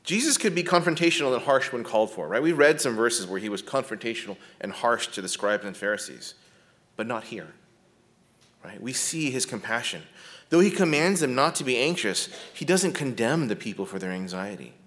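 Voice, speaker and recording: A man teaching biblical counseling in a conversational lecture, often checking in with his listeners and speaking gently when he talks about compassion. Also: medium pitch, very animated, brisk. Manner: often checks in with a tag question "right?"; drops to a soft, gentle tone when describing compassion.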